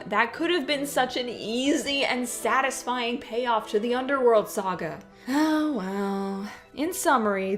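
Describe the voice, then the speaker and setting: A woman's voice: mid-range voice, a bit bright. A woman hosting a video essay, delivering a scripted review in an opinionated, nitpicking and dryly humorous way.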